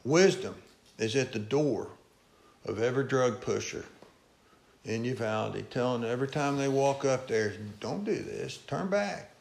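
A male pastor preaching a folksy sermon, swinging between loud calls and low asides. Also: measured pace, creaky. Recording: echoey church room.

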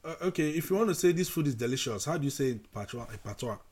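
A man's voice: medium pitch, expressive, racing, a little mellow, breathy edge. A man hosts a casual radio chat, asking questions and slipping into pidgin. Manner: asks questions, slips into pidgin. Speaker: radio host.

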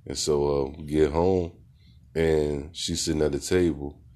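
Very deep-voiced man telling a story. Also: fairly even intonation, unhurried, warm tone. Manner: laid-back, rambling, heavy with fillers. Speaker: podcast host. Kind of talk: casual storytelling monologue.

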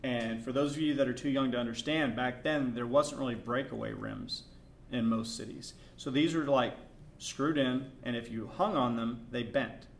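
A middle-aged man co-hosting a podcast, telling a story in a casual, animated way that swings between hushed asides and loud outbursts. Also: medium pitch, moderate pace, a little hiss or hum. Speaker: podcast co-host.

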